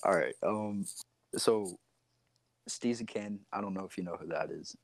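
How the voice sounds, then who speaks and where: A man's voice: deep voice, a little slow, creaky. A young American man, a podcast guest, telling stories in a laid-back casual chat. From United States.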